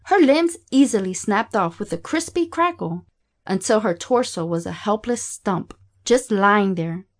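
A woman reading a graphic horror story aloud in a steady, matter-of-fact way. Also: mid-range voice, unhurried. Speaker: narrator. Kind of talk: scripted horror story narration.

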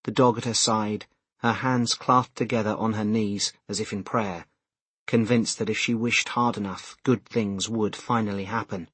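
A man narrating a novel in a calm, measured read with a husky, breathy grain. He speaks close to the mic in a dry, dead studio with no room sound. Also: lowish voice, no echo. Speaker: audiobook narrator. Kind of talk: scripted narration.

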